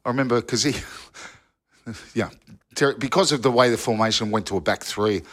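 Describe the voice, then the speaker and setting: A former footballer telling old yarns in a casual podcast chat, rambling with restarts and asides. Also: male voice, medium pitch, moderate pace, fairly bright tone. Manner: rambling storyteller with restarts and "you know". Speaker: football pundit, former player.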